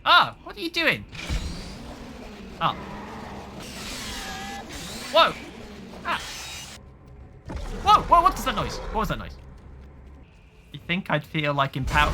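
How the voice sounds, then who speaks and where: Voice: mid-range voice, huge pitch swings, takes it slowly, long pauses, noisy background. A gamer giving let's play commentary on a horror game, jumpy, gasping and yelping at every scare and talking back to the monsters. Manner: jumpy, constant startled gasps and yelps; talks back to the game's monsters.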